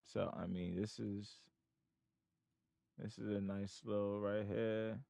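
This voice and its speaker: A man's voice: fairly low pitch, flat delivery, takes it slowly, vocal fry, mellow, dry recording, clean studio sound. A man hosting a live trading stream from home, thinking aloud in casual, rambling commentary. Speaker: livestream trading host. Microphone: desk microphone, wearing headphones.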